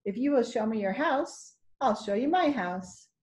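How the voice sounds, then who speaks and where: A woman reading the lines of a kind older grandfather in a storybook, in a gentle manner. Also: fairly high pitch, expressive, a little slow, voice pushed up. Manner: gentle, warm-hearted.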